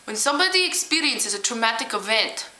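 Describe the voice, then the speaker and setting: A woman's voice: fairly high pitch, animated, fairly quick, bright, forceful tone, roomy sound, slight background noise, poor audio. A young woman playing an eccentric female psychology professor, lecturing with theatrical, overly formal delivery in a homemade comedy sketch. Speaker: mock lecturer.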